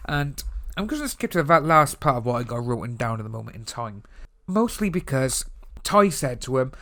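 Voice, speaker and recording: A Welsh man talks through his thoughts in a loose, rambling commentary vlog. His voice sits at an ordinary middle pitch. He stumbles and restarts often but stays animated. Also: normal speed. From Wales. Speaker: YouTube commentator. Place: home room with open window.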